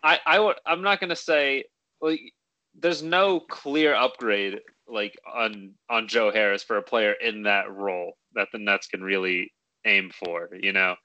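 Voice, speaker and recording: A man's voice: lowish voice, normal speed, sharp tone, no room sound, lo-fi sound. A young man co-hosting a casual sports podcast, arguing his point hesitantly with many restarts. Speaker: podcast co-host.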